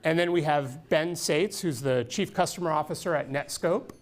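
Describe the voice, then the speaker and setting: A man's voice: fairly high pitch, normal speed. A man from California hosting a live panel discussion on a conference stage, speaking steadily with frequent ums and restarts. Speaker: panel moderator. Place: conference stage before an audience.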